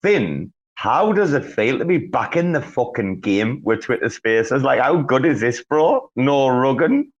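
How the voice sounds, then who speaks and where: A man hosting a live audio chat, talking in an excitable, profane and rambling way. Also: mid-range voice, a little slow, hardly any pauses. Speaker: host. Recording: dull lo-fi audio.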